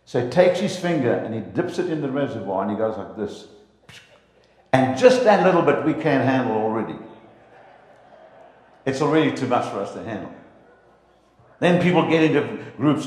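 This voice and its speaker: A man preaching a lively sermon in a church, playful and animated, often acting out the voices of God and his congregation. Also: mid-range voice, normal speed, pauses often. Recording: echoey hall, long reverb.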